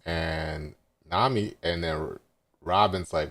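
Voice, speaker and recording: A man's voice: low voice, takes it slowly. A man hosting a casual live manga reaction, recapping scenes and quoting characters with laughs.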